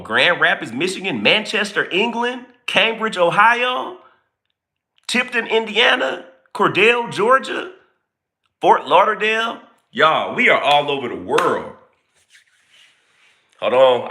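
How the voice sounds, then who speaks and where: A man hosting a casual livestream, chatting playfully and greeting viewers by name in relaxed, informal speech. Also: sits high, takes it slowly, pauses often. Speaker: livestream host greeting chat.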